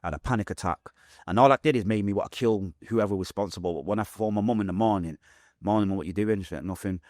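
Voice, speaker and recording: Fast and darkish in tone, his voice sits on the low side. The Manchester-accented Englishman lays out his life story for an interviewer in blunt, emotional terms, full of street slang, over a dry, clean studio recording.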